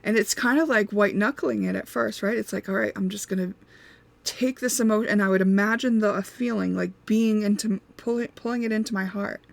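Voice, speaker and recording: A woman's voice: mid-range voice, a little fast, creaky, no echo. A woman hosting an intuitive reflection reading, giving candid, rambling advice with frequent laughs and fillers. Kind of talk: casual spoken advice.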